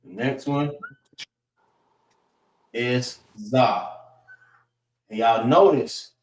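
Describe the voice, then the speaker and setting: Slow-spoken man teaching, echoey room. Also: mid-range voice. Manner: slow, repetitive, spells out sounds one by one. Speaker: class teacher. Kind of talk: classroom language lesson. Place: library meeting room.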